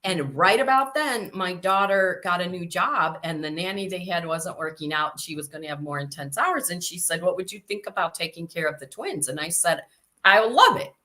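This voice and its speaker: A woman in her sixties, from Chicago, talks as an interview guest in a lowish, bright and forceful voice. She spins lively stories and slips into the voices of the people she quotes. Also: moderate pace. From Chicago, USA. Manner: animated storyteller who acts out quoted voices. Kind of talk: casual storytelling interview.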